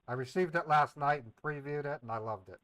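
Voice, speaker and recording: A man's voice: on the high side, fairly quick, a loud crowd, low-quality recording. A man hosting a live scambaiting stream, chatting casually with viewers and playing along eagerly with a scammer on the phone. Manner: playful, chatty, feigns eager excitement to the scammer. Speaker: scambaiting livestream host. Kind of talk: casual livestream chat.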